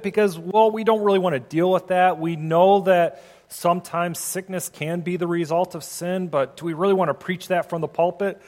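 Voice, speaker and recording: Man, chaplain, conversational sermon, high voice, long echoing reverb. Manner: conversational, acts out quoted prayers. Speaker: hospital chaplain.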